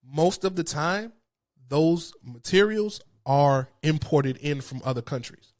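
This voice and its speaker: A man's voice: a little high, expressive, slow pace. Fired-up man ranting about prices. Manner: passionate, frustrated ranting. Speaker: host. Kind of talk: political commentary monologue.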